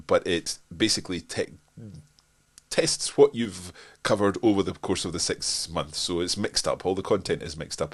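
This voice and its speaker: A man with a Scottish accent and a stuffed-up nose, answering viewer questions in a live webinar, hesitant with frequent restarts. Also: deep voice. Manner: hesitant, many restarts and fillers.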